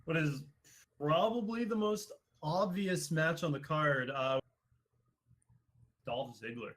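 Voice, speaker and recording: A young man hosting a casual podcast chat, running the segments and musing in a drawn-out way. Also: fairly high pitch, a bit bright. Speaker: podcast host.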